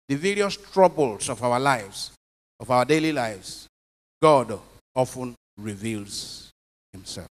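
Priest preaching in a reverberant chapel. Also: male voice, mid-range voice, expressive, takes it slowly. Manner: preachy, emphatic, asks the congregation questions. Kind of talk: homily.

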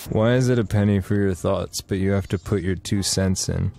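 Slow gravelly deadpan man. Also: deep voice. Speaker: comedy show co-host. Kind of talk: deadpan one-liner jokes. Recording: animated comedy show with faint music.

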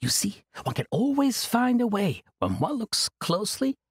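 A man's voice: high voice, big pitch swings, normal speed, breathy edge, no room sound, studio quality, voice pushed up, exaggerated voice. A man voicing an eccentric, childlike old monk who speaks grandly and playfully in an audiobook. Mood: whimsical. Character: eccentric ancient male monk, childlike and mischievous.

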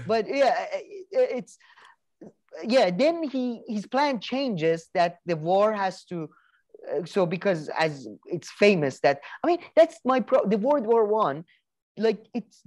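A man's voice: sits high, lively intonation, unhurried, a little mellow. A man co-hosting a podcast in casual chat, rambling with many restarts, fillers and the odd swear word. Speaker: podcast co-host.

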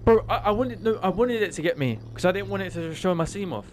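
Excitable young gamer, lively pitch. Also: male voice, quick pace, slight background noise. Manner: excitable, swearing, talks to the game. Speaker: streamer. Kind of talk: live gameplay commentary.

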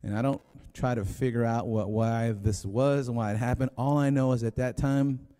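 A man's voice: medium pitch, fairly even intonation, normal speed, dark tone. A man preaching a sermon as pastor, telling a story in a rambling, conversational way with many restarts. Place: church sanctuary. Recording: long hall reverb.

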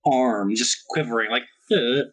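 A man's voice: medium pitch, normal speed, low-quality recording. Casual man describing his game character. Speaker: player.

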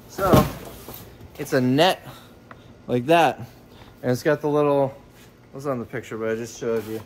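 A man's voice: fairly high pitch, a little hiss or hum. A man giving casual, joking commentary while unboxing items for resale, thinking aloud as he goes. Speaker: reseller vlogger.

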